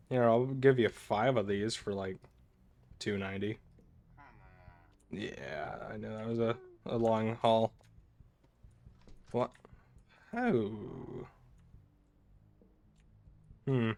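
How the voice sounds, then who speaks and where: Slow-talking joking young man gamer. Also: fairly low pitch, steady tone, vocal fry, darkish tone. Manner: joking, goofy, reads game text aloud. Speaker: gaming video creator. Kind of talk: let's play commentary.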